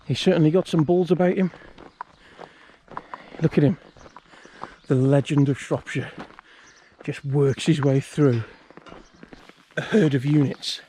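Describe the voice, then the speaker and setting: British guy vlogging his hike, jokey and chatty, bit high voice, faint outdoor hiss. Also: dark tone. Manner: chatty, jokey, self-mocking. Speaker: hiking vlogger. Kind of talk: casual vlog narration. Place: outdoors on a countryside trail.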